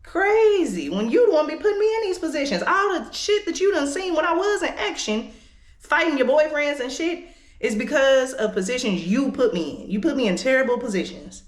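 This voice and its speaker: This woman, a vlogger in her late 20s, rants to her camera at home while applying makeup, telling a candid story laced with profanity. Her high voice is animated and brisk, and the recording echoes off the room.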